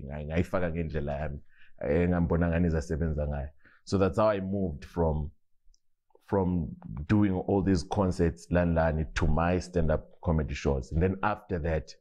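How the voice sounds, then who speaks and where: A man with a Zimbabwean Ndebele accent, a comedian telling stories in a relaxed interview. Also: sits low. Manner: relaxed storytelling with frequent restarts and laughs. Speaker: comedian guest. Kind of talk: casual interview, mixing English and Ndebele.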